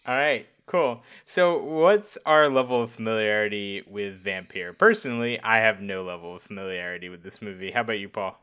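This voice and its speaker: A man's voice: lowish voice, fairly quick, few pauses, fairly bright tone, clean tone. A man co-hosting a podcast in casual chat, rambling and hesitant, with many fillers and chuckles. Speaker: podcast co-host.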